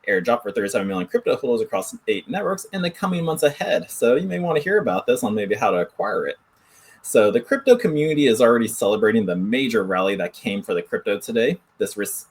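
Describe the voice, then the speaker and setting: A man's voice: mid-range voice, slightly rough. A man hosting a casual crypto news show, reading and commenting in a loose, rambling way with some restarts.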